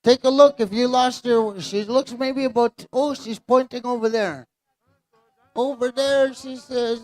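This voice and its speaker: A man's voice: very high voice, fairly even intonation, a little slow, darkish tone, soft background music. A man emceeing a pow wow, announcing live to dancers and crowd in an easygoing, joking way. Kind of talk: live event announcing over a PA. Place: outdoor pow wow arena.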